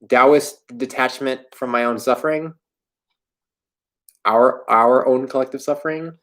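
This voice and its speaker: A young man from Florida hosting a livestream, answering viewer questions in a candid, self-deprecating, rambling way. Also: medium pitch. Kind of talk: casual livestream chat. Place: home in New York.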